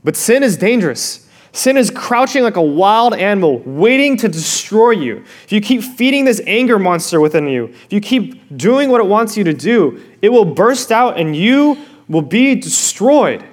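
A man's voice: high-pitched, very animated, moderate pace. A man voicing God as a patient father, pleading earnestly in a sermon.

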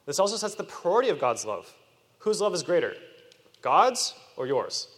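A man preaching a sermon to children, animated and asking his listeners questions. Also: a little high, moderate pace. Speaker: youth preacher. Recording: long reverb of a hall.

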